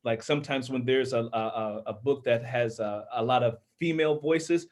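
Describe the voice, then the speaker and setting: A man's voice: mid-range voice, normal speed, a little mellow. A man from Minnesota, an author and audiobook narrator, explaining his craft earnestly in casual panel chat, with a tenor voice and many restarts.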